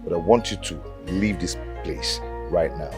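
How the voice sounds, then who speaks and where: An actor playing a husband calmly and firmly ordering a stranger to leave. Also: male voice, low-pitched, measured pace, over music.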